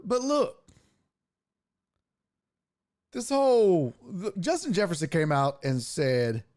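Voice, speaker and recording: A man's voice: high-pitched, lively intonation, a little slow, darkish tone. A man hosting a casual livestream sports talk show who rants, swears and restarts sentences often. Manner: profane, ranting, restarts often.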